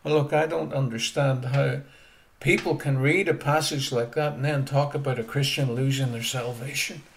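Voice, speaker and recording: A man preaching a sermon emphatically, repeating key phrases and swinging between loud rises and quiet drops. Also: medium pitch, steady tone, normal speed, gravelly.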